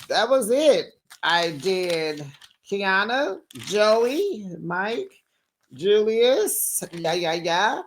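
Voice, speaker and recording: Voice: mid-range voice, big pitch swings, very slow, a little hiss or hum. A reality TV recap host telling the story to viewers in a sassy, chatty way, full of slang asides and acted-out quotes. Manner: acts out quoted people in changed voices. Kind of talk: casual recap commentary to viewers.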